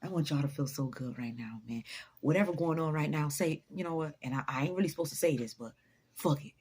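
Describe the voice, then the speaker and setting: Husky-voiced woman preaching self-motivation. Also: deep voice, fast, darkish tone. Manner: emphatic, preachy, swears freely; repeats lines for emphasis, laughs often. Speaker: motivational vlogger. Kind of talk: motivational talk to camera.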